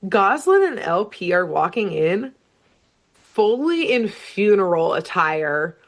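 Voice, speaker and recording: A woman co-hosting a podcast, recapping a cartoon episode in casual, animated storytelling with lots of "like". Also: medium pitch, slow. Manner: animated storytelling with frequent laughs and "like". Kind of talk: casual chat.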